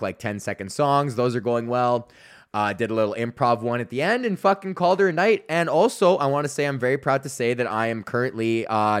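A man's voice: mid-range voice, fairly bright tone, clear, resonant tone. A man hosting his own podcast, telling a long profane story from a stand-up gig in a rambling, casual way, laughing at his own jokes and acting out the people in it. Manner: rambling, swears constantly, laughs at own jokes, acts out voices in stories. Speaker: podcast host, stand-up comedian.

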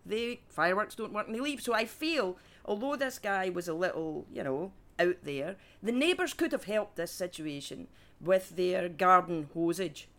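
A woman's voice: lowish voice, expressive, normal speed, fairly bright tone. A woman on a comedy podcast panel, ranting with incredulous exclamations.

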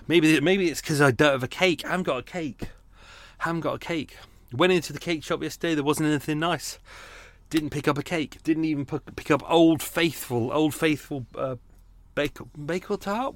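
A British man chatting casually at home on an unedited podcast, a touch high-pitched. He rambles, grumbles and cuts himself off mid-sentence. He sounds shaken and short of breath. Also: a bit bright, no room sound. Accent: British English. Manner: rambling, grumbling, self-interrupting. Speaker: podcast host. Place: home room.

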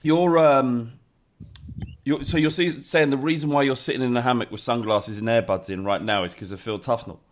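A male podcast host chats casually with his guest. He teases him and drops short interjections. His pitch is average. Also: steady tone, normal speed. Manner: teasing, brief interjections.

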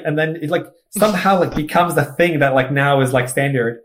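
A man's voice: on the high side, fairly quick, hardly any pauses. A man from Egypt with no foreign accent, a podcast guest talking casually and self-assuredly, full of "like". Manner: chatty, peppered with "like", upbeat and self-assured. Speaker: podcast guest, student mentor. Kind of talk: casual conversation.

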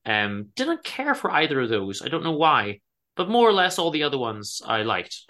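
A man's voice: mid-range voice, normal speed. A man co-hosting a casual book podcast, retelling stories with animation and many ums along the way. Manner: animated storytelling, acts out characters; many ums and self-corrections. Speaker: podcast co-host.

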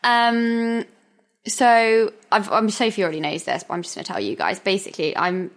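A woman's voice: medium pitch, normal speed. A young woman chatting casually as a podcast co-host, often laughing through her stories. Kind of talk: casual chat.

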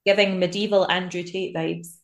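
A woman co-hosting a podcast, throwing in quick joking asides. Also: lowish voice, level tone, creaky. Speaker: podcast co-host. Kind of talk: casual chat.

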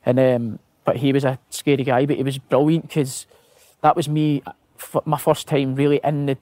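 A man's voice: medium pitch, flat delivery, normal speed, warm tone, dry recording. A Scottish man, a footballer guest, telling anecdotes with laughter, swearing and acted-out quotes. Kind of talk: casual storytelling.

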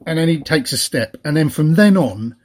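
A chatty man co-hosting a podcast, his voice a little husky. He rambles along in casual talk, laughing easily and often. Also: on the high side, lively intonation, normal speed. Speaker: podcast co-host. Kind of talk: casual chat.

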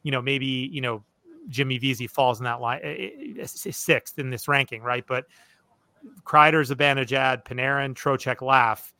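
A man hosts a relaxed podcast chat in a bright, forceful voice. He reasons through his points with a lot of "you know" and restarts. The recording is dry, with no room sound. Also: medium pitch, moderate pace, dry recording. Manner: thoughtful, analytical, many fillers and restarts. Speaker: podcast host. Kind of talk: casual chat.

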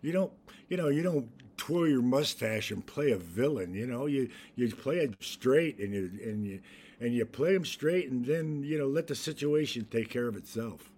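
A man's voice: medium pitch, normal speed, slight background noise. An older man, an actor being interviewed, telling stories with lots of restarts and laughter, acting out the voices he quotes. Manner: animated storyteller, acts out quotes, laughs often, many restarts. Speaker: actor guest. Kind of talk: anecdotal interview storytelling.

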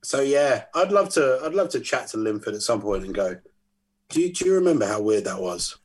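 A man with a husky, breathy edge to his voice, chatting easily as a podcast guest. He tells stories with energy and acts out what people said. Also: medium pitch, fairly quick. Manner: animated storyteller acting out quoted voices. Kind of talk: casual chat.

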